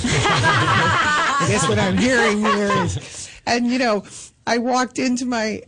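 An animated woman spins a self-deprecating comic story in casual chat. She trips over her words and piles on fillers as she goes. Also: on the high side, measured pace, background noise. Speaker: guest comedian.

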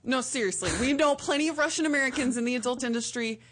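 A woman's voice: high-pitched, fast, fairly bright tone, a little hiss or hum. A woman co-hosting a call-in radio show, telling crude stories through laughter. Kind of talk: casual call-in radio chat.

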